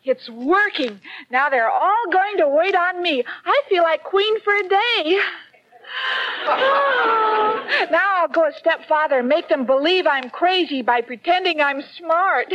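A squeaky, giggly scatterbrain. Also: female voice, animated, measured pace, hardly any pauses, lo-fi sound. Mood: gleeful. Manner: giggly, naive, comic. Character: scatterbrained young woman faking illness. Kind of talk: 1940s radio comedy acting. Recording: scratchy old radio recording.

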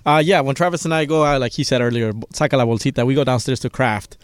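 A man's voice: medium pitch, fast talker, clean tone, no room sound, clean studio sound. A man on a sports talk show, chatting in an easygoing way and laughing along with the others. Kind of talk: casual sports talk banter.

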